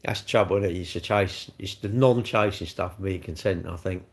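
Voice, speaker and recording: A man's voice: low voice, a little fast. A middle-aged man hosting a casual livestream, chatting and answering viewer comments with swearing and rhetorical questions. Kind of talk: casual chat.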